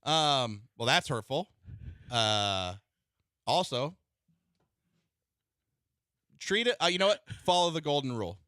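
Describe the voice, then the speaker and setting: A man's voice: mid-range voice, expressive, slow pace, pauses often, sharp tone, no echo, clean studio sound. A man co-hosting a radio show, chatting casually and playfully giving advice. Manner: playful, joking, confident.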